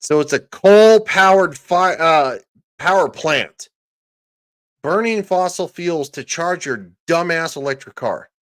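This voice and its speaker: A man's voice: a little high, animated, takes it slowly, fairly bright tone. A man delivering a ranting reaction commentary, sarcastic, profane and mocking. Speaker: political commentator.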